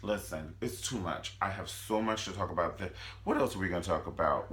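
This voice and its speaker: A man's voice: low voice, fairly quick, a bit bright. A man recapping a TV show for a comedic vlog, sassy, gossipy and dramatic. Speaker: TV show reviewer.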